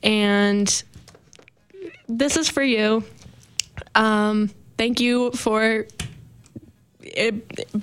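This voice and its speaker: Young woman hosting campus radio, monotone. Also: medium pitch. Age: young adult. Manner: rambling, filler-heavy, heartfelt. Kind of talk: sentimental farewell radio chat.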